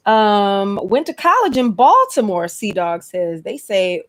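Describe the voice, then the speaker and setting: A woman from Atlanta, hosting a casual livestream chat. She is chatty and expressive, and she calls her listeners "honey" and "y'all.". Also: mid-range voice, normal speed. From Atlanta, Georgia, USA. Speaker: host.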